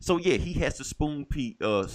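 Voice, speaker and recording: A man's voice: on the high side, expressive, moderate pace. A man co-hosting a podcast in casual chat, emphatic, swearing freely and laughing. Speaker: podcast co-host.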